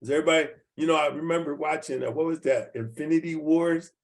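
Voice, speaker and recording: A man in his seventies runs a team training over a video call, speaking in a folksy way, repeating points and asking the audience questions to make sure they're following. His voice is a little high and gravelly, steady in tone, at a quick pace.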